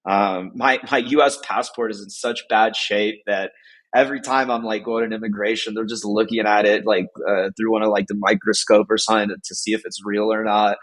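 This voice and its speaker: A man's voice: on the low side, level tone, brisk, a bit bright, rough recording. A man from the United States, a podcast guest, chatting casually and rambling with lots of "like" fillers. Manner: rambling, heavy use of "like" fillers.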